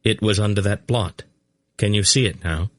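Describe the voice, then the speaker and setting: A man's voice: lowish voice, normal speed, fairly bright tone, no room sound, studio quality. A man reading the part of an earnest young man who grimly insists on being heard. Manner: grim, insistent.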